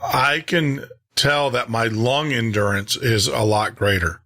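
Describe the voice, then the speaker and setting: A man from Tennessee hosting a show, chatting casually with frequent pauses and restarts. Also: mid-range voice, pushed and bright. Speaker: radio show host. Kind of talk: casual chat.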